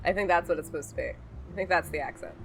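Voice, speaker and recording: A woman's voice: on the low side, fast talker, creaky, slight background noise. A woman casually commenting while playing a game, musing aloud and second-guessing herself. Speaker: game streamer. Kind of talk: casual commentary over gameplay.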